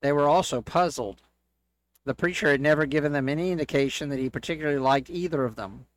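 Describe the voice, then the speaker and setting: A man reading church jokes aloud as a co-host, in a steady storytelling delivery. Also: on the high side, fast.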